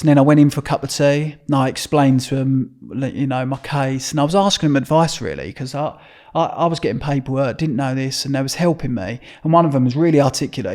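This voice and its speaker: A man's voice: mid-range voice, darkish tone. Blunt Essex man telling prison stories. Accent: Essex English. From Essex, England. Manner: blunt, swears freely, rambling with restarts. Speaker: guest. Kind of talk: casual interview storytelling.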